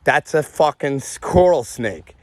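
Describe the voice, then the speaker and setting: Slow-paced and medium in pitch, this dry recording captures a male vlogger telling a personal story on camera. He's agitated and animated, cursing and acting out the lines of the people involved.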